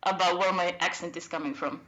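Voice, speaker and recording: A woman's voice: on the low side, fairly even intonation, a little fast, a bit bright, rough recording. Croatian-accented woman immunologist. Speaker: guest immunologist. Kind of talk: casual podcast chat.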